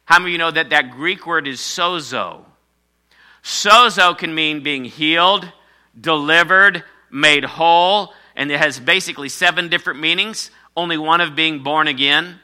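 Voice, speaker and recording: A man's voice: a little high, moderate pace, sharp tone. A man preaching a sermon to his congregation, emphatic and repeating key phrases for weight. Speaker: pastor.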